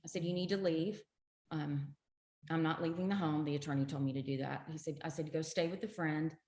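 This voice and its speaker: A middle-aged woman with a low voice tells her story as an interview guest, earnest and emphatic. The sound has a roomy echo around it. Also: steady tone, fairly quick, a little mellow.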